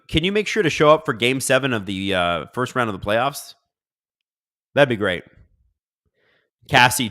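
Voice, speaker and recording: Male streamer host, bright edgy tone, excitable play-by-play reactions between quiet mutters. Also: medium pitch. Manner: excitable, swings from mumbled asides to loud outbursts. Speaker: live-stream watch-along host. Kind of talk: live game reaction and chat reading.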